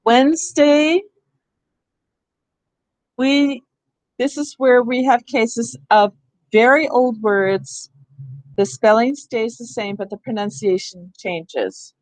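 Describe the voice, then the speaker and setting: A woman's voice: fairly high pitch, slow pace, dry recording, poor audio. Woman leading a reading workshop. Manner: explanatory, thinks aloud with restarts. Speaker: reading teacher trainer. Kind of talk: hands-on teacher workshop. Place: school room.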